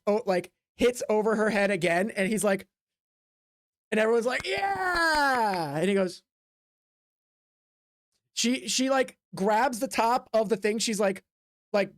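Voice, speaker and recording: A man whose voice sits high hosts a tabletop game stream as game master. He narrates in a meandering, filler-heavy style with brief voiced asides, and the sound is studio quality without any echo.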